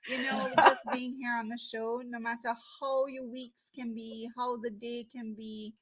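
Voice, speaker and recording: A woman's voice: on the high side, flat delivery, unhurried, fairly bright tone, rough recording. A woman from Canada, an author and speaker, thanking the group in casual chat. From Canada, by way of Jamaica. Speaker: guest co-host, author and speaker.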